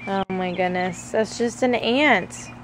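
A woman's voice: medium pitch, slow. A woman filming a casual home vlog, cooing in baby talk to her little daughter and her dogs. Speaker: vlogger and mother. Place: family home, porch then indoors. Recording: noisy home video.

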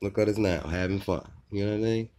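A man with a somewhat low voice talks casually to his viewers about his dogs. He is laid-back and joking, and he keeps checking in with them as he goes. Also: quick pace, dark tone. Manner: laid-back, joking, repeats "you know what I mean". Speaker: dog owner and vlogger. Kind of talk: casual vlog chat.

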